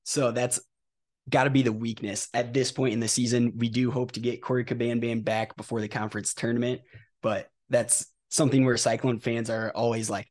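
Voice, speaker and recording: A man's voice: mid-range voice, level tone, fairly quick, a little mellow. A man appearing as a guest, talking about wrestling coverage in a matter-of-fact way. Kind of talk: casual guest talk.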